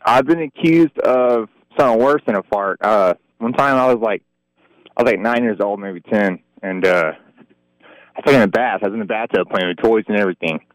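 A man's voice: on the low side, fairly quick, no echo, low-quality recording. Young man rambling through a story. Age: 20s. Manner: rambling, restarting sentences. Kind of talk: telling an anecdote.

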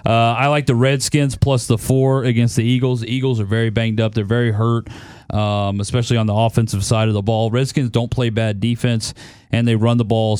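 A man's voice: mid-range voice, clear, resonant tone, no echo. A man hosting a casual sports betting chat, laying out his picks in a laid-back way. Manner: laid-back, weighs each pick out loud. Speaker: podcast host.

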